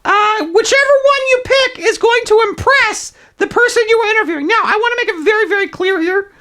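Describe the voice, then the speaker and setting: A man's voice: extremely high pitch, fairly quick, bright, forceful tone. A man voicing a zany toilet paper roll puppet who gives over-the-top, mock-authoritative advice in an improvised comedy presentation. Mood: mock-serious.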